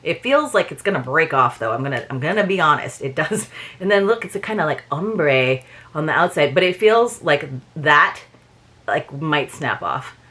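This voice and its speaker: A woman's voice: deep voice, very animated, normal speed, sharp tone. A woman vlogger in a casual unboxing chat, talking in chatty, rambling asides.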